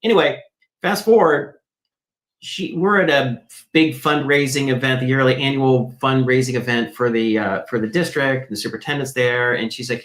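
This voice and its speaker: Male interview guest, mid-pitched, animated storyteller, roomy echo. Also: a little fast. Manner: animated, acts out quoted voices. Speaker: guest, math program founder. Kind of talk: conversational storytelling.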